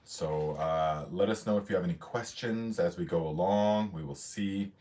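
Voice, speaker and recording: A man's voice: low voice, moderate pace, darkish tone. A man from the hosting a casual livestream, chatting loosely, reading out viewer comments and greeting them, slightly out of breath. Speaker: livestream host.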